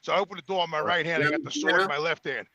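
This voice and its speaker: A man's voice: on the high side, rapid-fire, bright, forceful tone, no room sound. An older man telling profane stories in a casual rant, pacing while he talks. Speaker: podcast regular calling in. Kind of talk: casual ranting storytelling.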